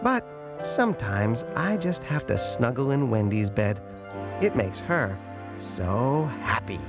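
A man reading a storybook aloud, voicing a lonely young male puppy who tells his own story in a gentle, lively way. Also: medium pitch, slow. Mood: warm storytelling. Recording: loud music playing behind.

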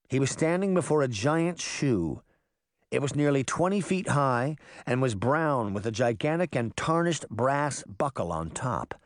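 A man narrating a children's fantasy audiobook in a lively storytelling manner. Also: medium pitch, no room sound, studio quality. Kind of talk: scripted narration.

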